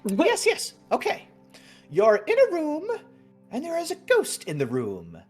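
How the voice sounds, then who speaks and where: Lady putting on a tiny sheet ghost, high sing-song spooky voice, teasing riddles, tabletop game. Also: huge pitch swings, unhurried, a little mellow, soft background music, exaggerated voice. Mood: playful. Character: small sheet-covered ghost, playful riddler.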